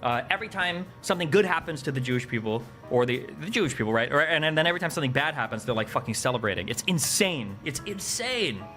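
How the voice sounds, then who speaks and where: A young man streaming live commentary into a desk mic, his bright, forceful voice pushing through a steady rant. He swears freely, leans on fillers like "like" and "um," and stays heated from one point to the next. Faint music sits low behind him. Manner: heated, profane, rapid ranting with frequent fillers. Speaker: political streamer.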